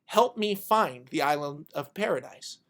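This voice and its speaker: A podcaster voicing a vengeful ancient male god of war who menaces and then rants in rage, in a comedic fan fiction pitch. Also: animated, unhurried, a bit bright. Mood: menacing, low.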